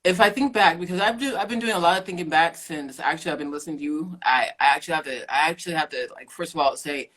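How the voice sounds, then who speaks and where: A middle-aged woman, a keto coach and podcast guest, telling her story in an animated way, laughing often and acting out quotes. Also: low voice, fast, few pauses. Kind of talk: casual interview chat.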